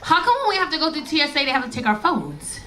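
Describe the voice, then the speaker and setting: A woman's voice: high-pitched, huge pitch swings, quick pace, bright, forceful tone, full character voice. A woman voicing her sly nine-year-old daughter, who speaks in a wide-eyed, innocent-sounding way.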